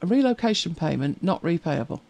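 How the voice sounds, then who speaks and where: A woman's voice: lowish voice, big pitch swings, a little fast, gravelly, mellow, dry recording. Chatty woman, dry close sound. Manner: chatty, rambling storyteller with frequent laughs. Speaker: livestream host reading viewer comments. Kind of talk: casual live chat.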